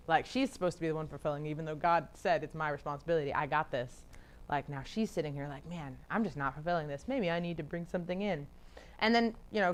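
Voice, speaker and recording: A chatty woman teaching a casual Bible study, with a voice a little lower than most women's. She talks in loose, friendly runs, laughs often and fills her talk with "like". She slips into quick voices for the people in her stories. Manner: acts out quoted people in talk.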